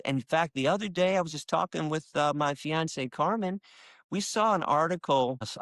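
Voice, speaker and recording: Studio-quality audio with no echo captures a Michigan man, an animal rights activist, speaking with passion in an interview. He storytells conversationally and emphatically, voicing quoted dialogue with sharp pitch jumps.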